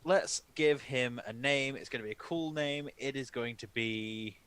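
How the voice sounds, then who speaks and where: A man's voice: mid-range voice, a little slow, a bit bright, smooth. A man playing a tabletop game, talking in a playful, jokey way and stumbling over his words now and then. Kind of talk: casual game table chat.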